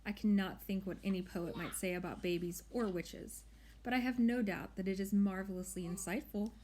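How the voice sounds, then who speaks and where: A woman's voice: mid-range voice, moderate pace, a little mellow, slight background noise, natural voice. Lady doing a sweet old witch granny, soothing, teasing a bit. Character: kindly old witch woman, doting.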